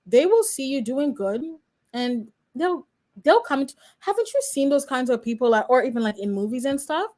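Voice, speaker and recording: A woman's voice: sits high, expressive, normal speed, darkish tone. A woman in her twenties, a law student reacting live and chatting straight to her viewers. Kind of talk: live reaction stream commentary.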